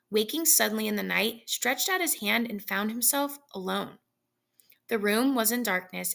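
A woman reading a classic short story aloud in a measured storytelling manner. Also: medium pitch, vocal fry, sharp tone. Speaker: reader.

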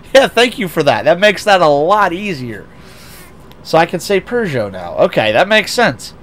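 A young man from the United States, streaming a racing game as a VTuber, speaks in a high-pitched, sing-song voice that's a bit bright, at a slow pace with long pauses. He reads chat aloud in casual livestream talk, rambling with frequent restarts and self-deprecating asides.

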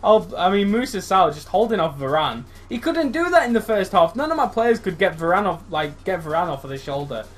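A young man commentating live on his own football video game match. He is excitable, shouting encouragement and groaning at his players, with his voice jumping sharply higher when a chance comes. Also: a little fast, few pauses. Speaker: gaming YouTuber.

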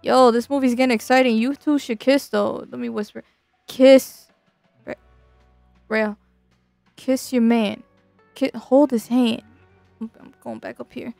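A woman VTuber streamer giving playful, excitable and mischievous commentary while reading a game's dialogue aloud. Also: a little high, normal speed, gravelly, long pauses, dry recording, faint music behind.

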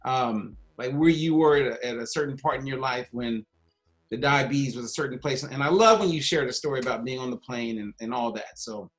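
A man's voice: mid-range voice, fairly quick. A man hosting and moderating a conversation, giving long, rambling introductions in a friendly way. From United States. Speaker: host and moderator. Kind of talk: casual conversation.

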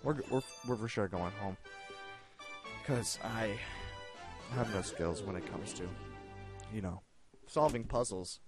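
A young man commenting on his own gameplay, excitable, self-mocking, and given to shouting at the game. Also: on the low side, unhurried, long pauses, over music. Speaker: gaming video host. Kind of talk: let's play commentary.

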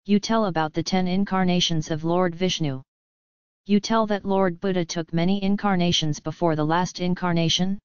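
A woman's voice: lowish voice, steady tone, moderate pace, clean tone, no echo, natural voice. A woman voicing a bold, anxious young princess questioning her father in an audiobook, urgent and questioning. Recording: slightly dull lo-fi audio.

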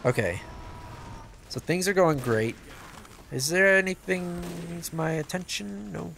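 A man giving casual, excitable gameplay commentary as a video host, swearing and joking to himself. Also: high voice, a little slow, gravelly, a little hiss or hum. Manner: excitable, yells and swears at the game; jokey self-talk.

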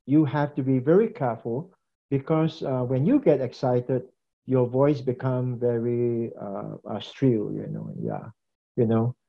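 A slightly dull lo-fi recording captures a preaching instructor with a creaky, medium-pitched voice. He lectures on preaching in a conversational classroom style, asking the class questions and repeating phrases.

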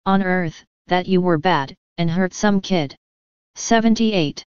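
A woman reading a gentle female angel's lines in rhyming verse, in an even storybook delivery. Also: lowish voice, takes it slowly, clean tone, no echo, highs cut off. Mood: consoling. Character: gentle female angel comforting her husband.

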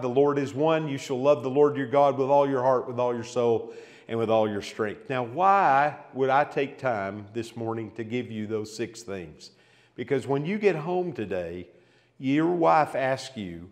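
A man's voice: medium pitch, long reverb tail. A man teaching an expository Bible lesson to a men's class, reading scripture aloud with building emphasis and checking in with questions. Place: church hall.

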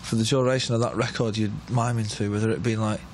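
Quick, chatty man. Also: on the low side, little pitch movement, a little hiss or hum. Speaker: interviewee. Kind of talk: casual reminiscence.

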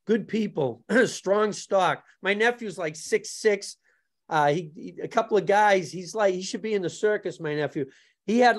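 A man who is a martial arts instructor and guest on a podcast, telling joking stories in casual chat and struggling to pronounce his R sounds. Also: sits high. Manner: joking, anecdotal.

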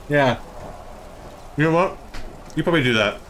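A man with an Australian accent, live-streaming and excitedly arguing with his chat, swearing often. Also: a little high, moderate pace, a little hiss or hum.

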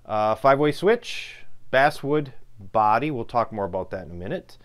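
A man with a Midwestern American accent reviewing a guitar in a relaxed, chatty way, filling pauses with ums and uhs. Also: medium pitch. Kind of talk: casual product review.

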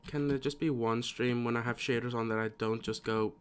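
A man's voice: mid-range voice, steady tone, a little fast, a little hiss or hum. A tired man streaming a game live, casually rambling and muttering to himself as he plays.

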